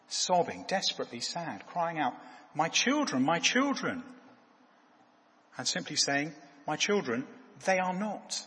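A man preaching a sermon who repeats his words haltingly and drops to a soft, low voice. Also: breathy edge, big-room sound.

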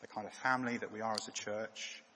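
A man preaching a sermon in a halting way, with frequent fillers and restarts. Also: fairly low pitch, fairly even intonation, sharp tone, in a large hall, a little hiss or hum.

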